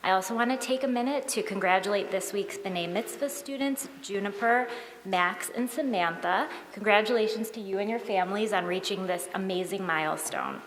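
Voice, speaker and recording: A woman's voice: mid-range voice, normal speed, slight background noise. Woman reading announcements in an echoing hall. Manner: clear, scripted delivery. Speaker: congregation announcer. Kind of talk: read announcements. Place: synagogue sanctuary. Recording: long reverb of a large hall.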